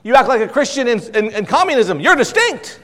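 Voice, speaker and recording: High-voiced man preaching. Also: very animated, fairly quick, sharp tone. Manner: conversational preaching with rhetorical questions and acted-out dialogue. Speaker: pastor. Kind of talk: sermon.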